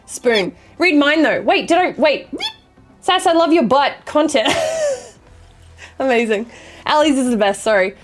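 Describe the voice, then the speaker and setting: Young woman streamer, chatty and swears a lot, voice sits fairly high, soft music underneath. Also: animated. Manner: chatty, swears freely, quick apologies. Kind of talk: casual chat reading viewer messages.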